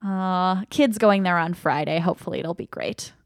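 A woman's voice: fairly low pitch, normal speed, no room sound, clean studio sound. A woman co-hosting a podcast in casual, playful chat. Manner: chatty, playful and laughing. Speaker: podcast co-host.

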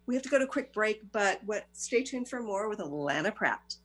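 A woman's voice: medium pitch, expressive, brisk, a bit bright. A woman hosting a talk radio show, reflecting on what her guest says and affirming her before a break. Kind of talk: casual interview chat.

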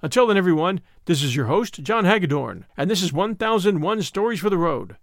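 A male narrator reading a classic story with a fairly high, very lively voice. He tells it in an expressive, animated way. The recording is dry and close, with no room sound. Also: fairly quick, no echo. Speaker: host and narrator. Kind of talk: scripted audiobook narration.

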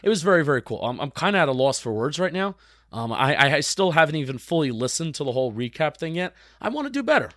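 A young man co-hosting a casual sports podcast, chatty and quick to agree, often restarting his sentences. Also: a little high, very animated, a bit bright, dry recording, clean studio sound. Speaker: podcast co-host.

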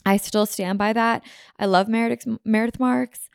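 Chatty young woman vlogger, gravelly tone. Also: fairly high pitch, fairly even intonation, normal speed, dry recording, clean studio sound. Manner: chatty, frequent "like" fillers, emphatic. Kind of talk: casual opinion chat.

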